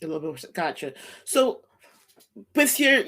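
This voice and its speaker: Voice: mid-range voice, sing-song, moderate pace, sharp tone. The host of a casual interview chat, who laughs easily and keeps nodding along with short replies.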